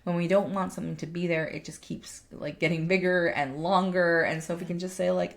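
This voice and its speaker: Woman, podcast co-host, life coach, low voice, casual, emphatic, swears. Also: steady tone, fairly quick, gravelly, few pauses. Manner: emphatic, swears freely, restarts sentences. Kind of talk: casual chat.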